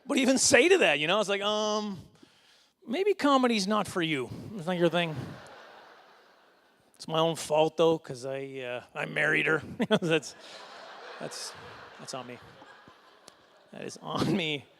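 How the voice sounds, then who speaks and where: A middle-aged man with a slightly high, creaky, somewhat bright voice gives a stand-up set at a fundraising dinner. He rambles, jokes at his own expense, and adds quick asides with a chuckle here and there.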